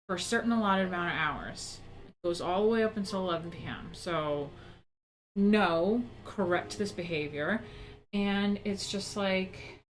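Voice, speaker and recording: A woman's voice: medium pitch, slight background noise, rough recording. A woman in her thirties hosting a live stream from her home office, chatting casually and ranting bluntly with plenty of swearing.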